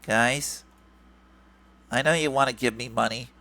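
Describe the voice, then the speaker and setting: A man's voice: mid-range voice, steady tone, a little slow, gravelly, bright, forceful tone. A man putting on a mocking nasal voice for a greedy, whiny male grifter who keeps begging for money. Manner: mocking, sing-song and repetitive. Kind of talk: mocking impression.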